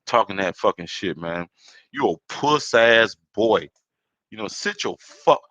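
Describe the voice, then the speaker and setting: Caribbean-born male podcast host, low forceful voice, angry swearing rant, dull dry lo-fi sound. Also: expressive, unhurried, no room sound. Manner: heated, swearing, rambling with repeats. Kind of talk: profane solo rant.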